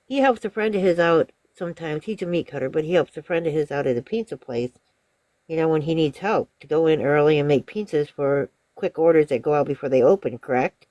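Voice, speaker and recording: A woman's voice: low-pitched, fairly quick, a little mellow, dry recording. Chatty middle-aged woman, dry phone sound. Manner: chatty, laughs while telling a story. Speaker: viewer joining a live stream. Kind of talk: casual storytelling chat.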